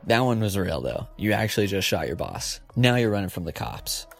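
A man's voice: lowish voice, big pitch swings, a little fast, gravelly, soft background music. A man hosting a comedy show, rambling playfully, giggling and correcting himself as he goes. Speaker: comedy podcast host.

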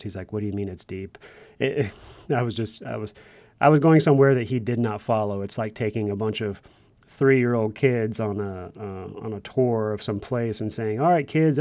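A man with a somewhat low voice tells a personal story in a folksy, earnest way, stumbling and restarting as he goes. He speaks to first responders. The sound is dry and close, with no room echo. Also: a little mellow. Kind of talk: casual storytelling monologue.

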